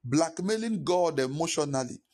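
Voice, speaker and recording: A man's voice: a little high, lively intonation, normal speed, darkish tone. A male pastor preaching a sermon, emphatic and repeating his points. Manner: emphatic, repetitive teaching.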